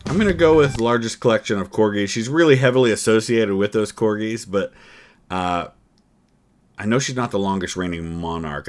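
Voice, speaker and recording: A man hosting a history channel, reacting to a trivia quiz and musing through each answer with plenty of ums and uhs. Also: low voice. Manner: thinking aloud, hesitant with many fillers.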